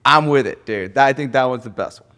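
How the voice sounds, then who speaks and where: A man co-hosting a podcast who is a lawyer, chatting in a loose, animated way, swearing and laughing often. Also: mid-range voice, fairly quick, clear, resonant tone. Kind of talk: casual podcast chat.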